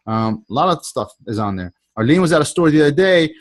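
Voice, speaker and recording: A man with a somewhat high voice coaches a group over a video call. He rambles in a loose, casual way, restarting sentences and circling back to the same phrases. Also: expressive, quick pace. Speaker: sales trainer leading a group call.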